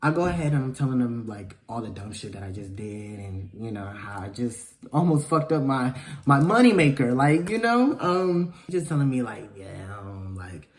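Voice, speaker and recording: Guy doing a storytime vlog, cusses a lot, gets loud then mutters, medium pitch. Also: normal speed. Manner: animated, profane, swings between loud outbursts and mumbling asides. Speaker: storytime vlogger. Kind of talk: casual storytelling.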